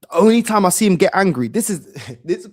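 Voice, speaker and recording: A man's voice: sits high, lively intonation, fairly quick. A man hosting a football channel, telling a story in a casual, slangy way and repeating phrases for emphasis.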